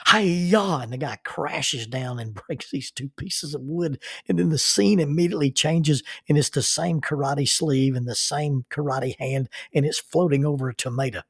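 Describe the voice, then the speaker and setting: Older guy telling stories on his podcast, husky, chuckles a lot, dry close sound. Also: medium pitch, no room sound. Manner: unhurried, chuckles while recalling. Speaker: podcast host and minister. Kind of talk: reflective personal storytelling.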